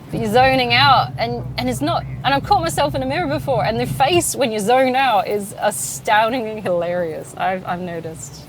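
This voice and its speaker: A woman's voice: on the high side, a little fast, slight background noise. A woman in her thirties, a podcast host chatting alone while driving, laughing often, swearing and poking fun at herself. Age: 30s. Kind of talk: casual solo chat while driving. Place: in a car.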